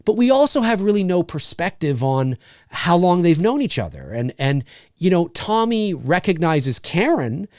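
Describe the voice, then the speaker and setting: Animated man giving an off-the-cuff film review. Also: high voice, normal speed, no echo, clean studio sound. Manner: thinks aloud with frequent restarts. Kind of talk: unscripted spoken film review.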